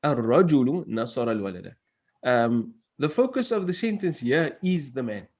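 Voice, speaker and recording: A man's voice: mid-range voice, big pitch swings, brisk, a little mellow. Patient man teaching Arabic grammar. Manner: patient, explains step by step, mixes Arabic phrases into English. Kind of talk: classroom grammar lesson.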